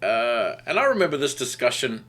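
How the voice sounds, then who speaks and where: A man's voice: mid-range voice, very animated, moderate pace, a bit bright. A man talking casually about being an artist, frank and rambling, often repeating his phrases. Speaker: artist and podcast host. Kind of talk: casual monologue.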